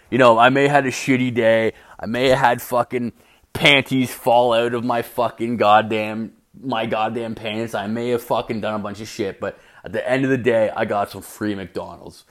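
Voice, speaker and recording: Foul-mouthed man ranting a story. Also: mid-range voice. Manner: swears constantly, acts out quoted people. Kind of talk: rambling profane story rant. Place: at home late at night.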